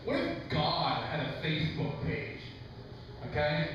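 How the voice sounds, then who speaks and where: A man's voice: a little high, lively intonation, a little slow, a bit bright, lo-fi sound. A man doing a stand-up routine in a loose, conversational way, full of fillers and acted-out quotes. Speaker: stand-up comedian. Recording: echoey room from far off, noisy.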